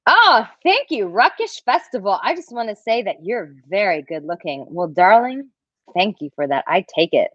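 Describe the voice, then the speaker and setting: A woman hosts a casual livestream Q&A about dating, chatty and animated as she reads comments and answers them. Her voice sits at an ordinary pitch for a woman. The sound is dry and a little dull, like a home setup on a modest mic. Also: moderate pace, no echo. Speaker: dating coach answering live chat questions.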